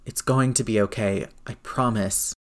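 A man's voice: fairly low pitch, fairly even intonation, normal speed, close to an everyday voice. A man voicing a blunt, grieving aunt. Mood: fierce tender. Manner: blunt, swearing, comforting. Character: grieving fierce aunt, woman, middle-aged.

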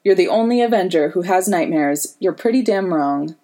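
A woman voicing a weary, kind adult man locked in a prison cell, speaking quietly and steadily. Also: fairly low pitch, expressive, moderate pace, close to an everyday voice.

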